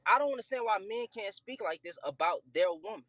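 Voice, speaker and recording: Guy on a panel call, raspy but bright, earnest, defending himself. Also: high-pitched, animated, fairly quick, poor audio. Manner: earnest, defensive, explaining his point. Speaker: guest on a panel. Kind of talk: casual debate on a call.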